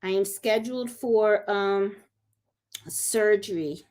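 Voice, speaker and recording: A woman's voice: mid-range voice, slow, a little mellow. A middle-aged woman from Puerto Rico hosting a casual crafting livestream, chatty and greeting viewers one by one from home. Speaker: crafting channel host.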